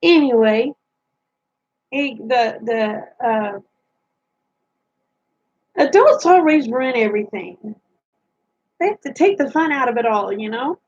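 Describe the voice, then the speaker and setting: A woman's voice: a little high, expressive, slow pace, pauses often, a little mellow, muffled recording. A woman vlogger telling funny stories from her childhood in a folksy, chatty way. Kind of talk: casual storytelling.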